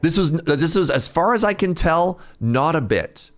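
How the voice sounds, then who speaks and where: Male streamer, animated pitch, chatty, laughs a lot, faint game music underneath. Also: unhurried. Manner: chatty, laughs often, reads out chat names. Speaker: streamer playing an incremental game. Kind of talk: casual live-stream chat with viewers.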